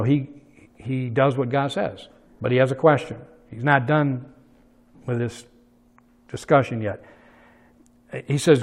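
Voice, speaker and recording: A man preaching a sermon, swinging from soft asides to loud, emphatic peaks as he retells a story. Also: mid-range voice, big-room sound. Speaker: pastor.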